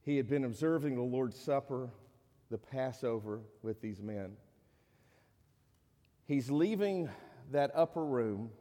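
A man preaching a conversational sermon as a pastor, raising his pitch when he acts out the people he quotes. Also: lively intonation, takes it slowly, long pauses, warm tone. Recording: long hall reverb.

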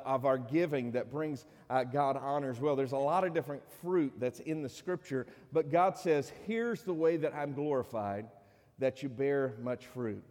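A man preaching a conversational sermon as a pastor, raising his pitch when he acts out the people he quotes. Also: darkish tone. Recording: long hall reverb.

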